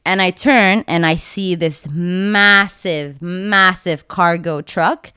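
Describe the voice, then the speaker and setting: Young woman, podcast guest, lively storyteller, dry close sound, lowish voice. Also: slow pace, clean tone, dry recording. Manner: animated, acts out her own quotes in a much higher voice. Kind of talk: casual storytelling.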